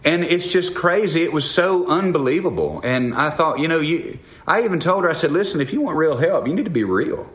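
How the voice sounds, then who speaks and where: A man's voice: fairly high pitch, expressive, a little fast, few pauses, a bit bright. Earnest man preaching in an echoey room. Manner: earnest, conversational preaching with frequent restarts. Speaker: pastor. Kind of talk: sermon.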